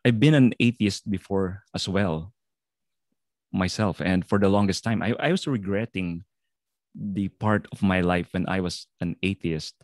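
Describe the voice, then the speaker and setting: A man hosting a podcast interview who gives many short murmured replies and asks questions in a soft-spoken way. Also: low-pitched, unhurried, dry recording, clean studio sound. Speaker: podcast host.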